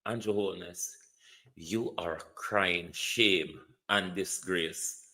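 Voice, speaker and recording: A man's voice: sits low, slow pace, pushed and bright, poor audio. A Jamaican man hosting a livestream, delivering a scornful, emphatic political rant and repeating his insults. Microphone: streaming setup.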